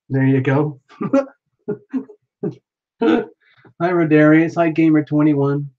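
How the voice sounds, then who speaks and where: A man's voice: medium pitch, mellow. A playful man chatting with his live viewers as he paints, narrating each step with frequent exclamations. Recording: dull lo-fi sound.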